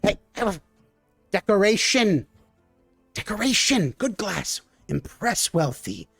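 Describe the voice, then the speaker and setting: A man's voice: high-pitched, very animated, slow, creaky, a bit bright, husky, no room sound, faint music behind, voice pushed up, full character voice. A man voicing a greedy, fawning male kobold barkeep who talks in broken grammar.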